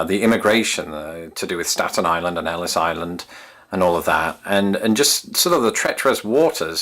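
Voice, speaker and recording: A low, somewhat bright voice belongs to an Englishman in his thirties who hosts a YouTube channel. With an English accent, he reminisces to viewers in a chatty, self-deprecating, wry manner.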